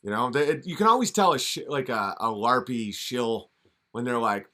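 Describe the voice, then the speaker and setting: A man's voice: medium pitch, expressive, normal speed, bright, forceful tone. A man ranting and mocking in a commentary video, often slipping into sarcastic impressions.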